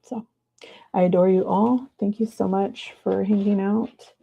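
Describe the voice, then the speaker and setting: A woman hosting a live stream from her desk, chatting casually and breaking into high excited cheers, on a clip-on mic. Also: measured pace, gravelly, dull audio, slight background noise. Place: home desk. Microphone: clip-on mic in her shirt.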